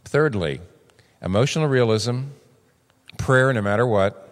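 Animated older male preacher in a reverberant hall. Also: unhurried. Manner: animated, acts out quoted voices with big pitch jumps. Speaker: pastor. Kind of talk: sermon. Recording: long reverb of a large hall.

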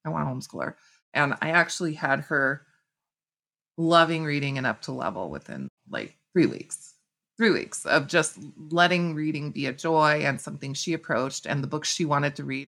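A middle-aged woman telling personal stories in conversation, lively, acting out what people said. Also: sits low, moderate pace, gravelly. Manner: animated, acts out quoted speech. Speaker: guest author. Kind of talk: conversational storytelling.

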